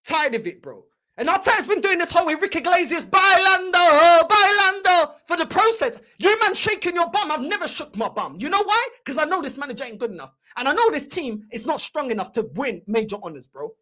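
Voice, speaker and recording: A woman's voice: high-pitched, big pitch swings, fast talker, fairly bright tone. A young woman, hosting a football fan channel and ranting angrily, mocking and repeating herself. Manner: heated, mocking, repetitive ranting. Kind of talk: angry fan reaction rant.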